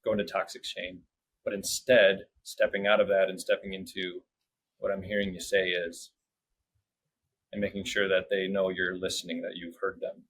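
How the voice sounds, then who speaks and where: A man's voice: low voice, flat delivery, normal speed, fairly bright tone, husky, rough recording. A man hosting an interview, asking thoughtful questions in a conversational way, often adding "like" and "right?". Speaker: podcast host.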